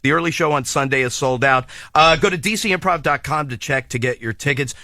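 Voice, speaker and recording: A man hosting a morning radio show, brisk and chatty. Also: medium pitch, pushed and bright, no room sound, studio quality. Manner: brisk, plugs events. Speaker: radio host. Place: radio studio.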